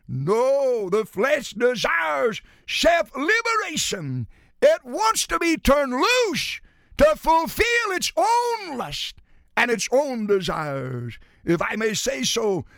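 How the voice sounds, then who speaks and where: A man preaching a sermon, emphatic, swinging from shouted lines to low, quiet drops. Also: vocal fry, no echo, clean studio sound.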